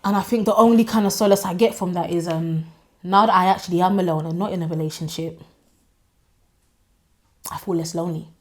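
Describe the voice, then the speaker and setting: A woman, telling a painful personal story as a podcast co-host, candid and quick to laugh. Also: fairly low pitch, steady tone. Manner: emotional, confessional, quick to laugh.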